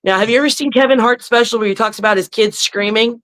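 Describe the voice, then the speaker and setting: A woman who is a professional wrestler, a guest on a podcast, telling lively stories and cursing freely. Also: fairly high pitch, fast talker, poor audio. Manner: animated storyteller who curses freely. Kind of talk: casual podcast chat.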